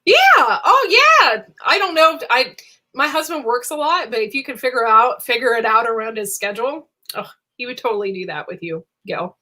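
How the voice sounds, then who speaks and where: A woman's voice: fairly high pitch, animated, normal speed, sharp tone. Young adult woman, livestream host; bubbly, rambling, giggly chat. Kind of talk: casual live chat.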